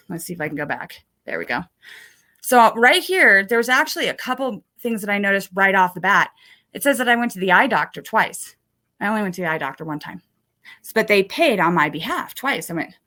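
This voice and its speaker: A woman at a conference workshop telling her own story as she shows documents, with an emotional delivery that breaks off, restarts and climbs high when she is indignant. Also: pushed and bright. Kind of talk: personal story told while showing documents.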